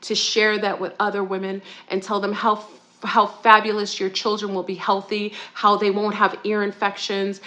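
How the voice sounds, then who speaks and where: A woman hosting a talk show, ranting heatedly and rambling, with restarts and high-pitched outbursts. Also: a bit bright. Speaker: podcast co-host. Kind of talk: ranting monologue.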